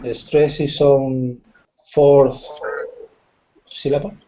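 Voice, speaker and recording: Unsure slow male student. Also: medium pitch, flat delivery, warm tone, dull audio, a little hiss or hum. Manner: unsure, answers with rising questions. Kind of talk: hesitant answers in a language class.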